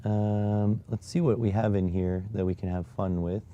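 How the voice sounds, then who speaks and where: A man's voice: fairly low pitch, fairly even intonation, normal speed, mellow, highs cut off, a little hiss or hum. A man from Canada chatting casually on a live stream, muttering to himself while typing and reading chat. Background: keyboard typing.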